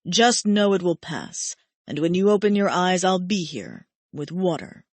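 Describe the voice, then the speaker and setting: A woman voicing a steady, protective male immortal who speaks slowly and firmly. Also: fairly low pitch, no room sound. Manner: slow, firm and measured.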